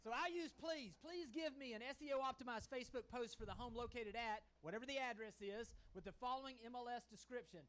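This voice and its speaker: A conference panelist on a hall stage presents into a handheld microphone with a folksy, emphatic manner, often checking in with the audience. His voice is very high and a bit bright, and he talks fast with few pauses.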